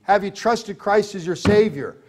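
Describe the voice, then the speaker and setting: High-voiced emphatic preaching pastor. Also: male voice, unhurried. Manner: emphatic preaching with rhetorical questions. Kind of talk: sermon.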